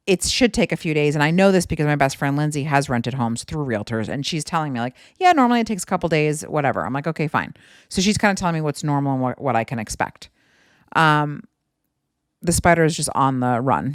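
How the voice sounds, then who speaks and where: A woman's voice: rumbling low, dry recording, studio quality. A woman in her thirties hosting a podcast, chatting at home in a rambling, casual storytelling way full of asides. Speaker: podcast host.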